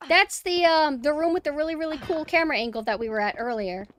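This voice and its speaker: A young woman streaming a horror game, chatting casually and excitably as she plays. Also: sits high, fast talker. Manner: chatty, excitable, cheering her dog on. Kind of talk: casual gameplay commentary.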